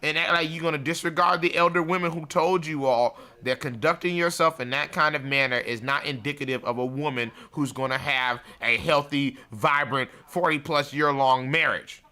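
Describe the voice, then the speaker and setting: A man hosts a livestream with a blunt, profane rant, mocking and chuckling at his own lines. His voice sits a bit high, with a very sharp, bright edge. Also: fairly even intonation, moderate pace, hardly any pauses. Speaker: show host. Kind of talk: ranting livestream monologue.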